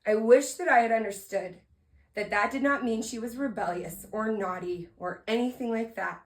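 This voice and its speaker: A woman hosts a podcast and tells it like a motivational talk, lively and playful. Her voice sits a little high, and she jumps from loud emphasis to soft, earnest asides. She asks her listeners questions directly. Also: normal speed. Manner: talks to listeners directly, asking them to respond. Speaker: podcast host and motivational speaker. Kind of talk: energetic motivational storytelling.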